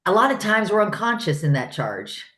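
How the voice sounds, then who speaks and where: A woman's voice: mid-range voice, very animated, normal speed, a bit bright, roomy sound. A woman asking the coach a question in casual talk, thinking aloud and searching for her words. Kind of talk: casual chat.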